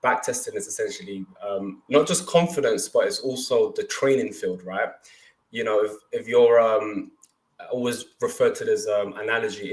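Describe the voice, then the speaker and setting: Young male trading co-host, lower pitch, excitable, self-correcting; roomy echoey sound. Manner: energetic, often restarts sentences. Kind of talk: casual livestream talk.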